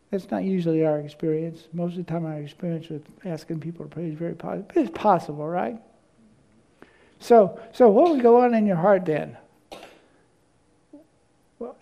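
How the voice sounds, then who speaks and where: A male preacher with a fairly high, gravelly voice and a dark, mellow tone. He preaches by telling stories and stumbles over repeated words as he looks for what to say next. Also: normal speed, pauses often. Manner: storytelling, repeats words when searching. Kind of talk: sermon.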